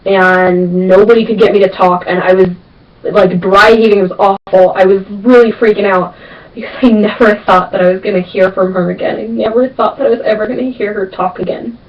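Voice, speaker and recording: A woman's voice: medium pitch, fairly even intonation, brisk. A young woman answering viewer questions in a casual vlog, chatty and emphatic, repeating words for stress. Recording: distant, dull lo-fi webcam sound.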